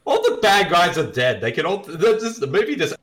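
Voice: mid-range voice, big pitch swings, brisk, a bit bright. A podcast co-host chatting casually during a movie watch, giggling often and slipping into playful bits. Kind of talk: casual movie commentary chat.

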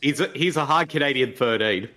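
A man's voice: mid-range voice, animated, brisk, bright, forceful tone. A man co-hosting a casual podcast, wryly explaining the movie's plot to the others. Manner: explains the plot with wry humor. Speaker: podcast co-host. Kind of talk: casual movie-riffing chat.

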